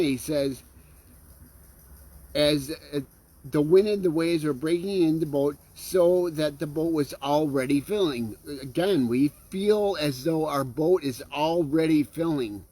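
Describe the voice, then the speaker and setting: A man's voice: fairly high pitch, darkish tone. A man preaching a sermon in an earnest way, often checking in with listeners and restarting his phrases. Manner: earnest, checks in with listeners with frequent "okay?" and "right?".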